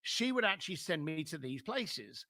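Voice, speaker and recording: High, bright-voiced London man telling stories. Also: normal speed. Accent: London English. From London, England. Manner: animated storyteller who acts out other people's lines. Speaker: guest. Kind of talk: storytelling in a podcast interview.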